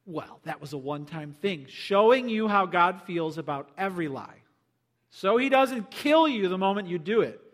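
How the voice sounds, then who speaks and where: A man preaching a sermon as pastor, animated and acting out the voices of people he quotes. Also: high-pitched, moderate pace, long reverb tail.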